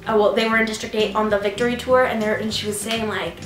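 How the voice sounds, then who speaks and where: A woman's voice: mid-range voice, flat delivery, fast. A woman giving a casual movie review, gushing and rambling with lots of "like". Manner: gushing, rambling, heavy use of "like". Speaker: film reviewer. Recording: echoey room, distant mic, music behind.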